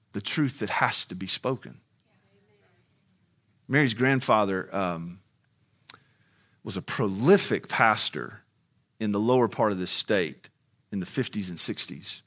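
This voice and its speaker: A man's voice: lowish voice, fairly bright tone. A man preaching a sermon, moving from a conversational tone to fiery, soaring emphasis. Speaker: pastor.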